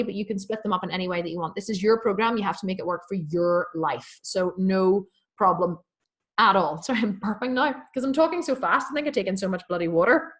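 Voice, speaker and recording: A woman hosting a live fitness Q&A, reading out viewers' comments and answering them in a fast, chatty, enthusiastic way with many restarts. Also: medium pitch, a bit bright.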